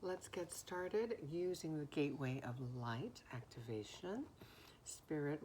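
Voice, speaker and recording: A woman giving a slow, musing oracle card reading, often pausing to listen and repeating words as they come to her. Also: low-pitched, very animated, dark tone, slight background noise.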